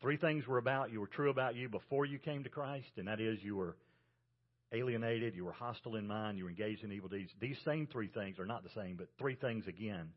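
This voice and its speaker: A male pastor with a Southern US accent preaching a sermon, earnest, rising to emphasis and dropping soft. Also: on the low side, fairly quick. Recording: dull lo-fi sermon recording.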